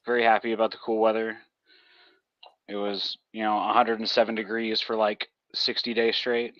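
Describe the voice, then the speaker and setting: A man's voice: fairly low pitch, completely flat delivery, normal speed, no room sound, muffled recording. A young man from Texas with a light Texan accent, chatting casually and rambling with easy fillers. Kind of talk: casual chat.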